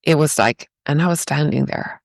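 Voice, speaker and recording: A low, gravelly voice at normal speed, recorded dry, comes from a woman from Ireland who speaks with an Irish accent. She's a podcast guest sharing personal stories reflectively and spiritually, leaning on rhetorical "right?".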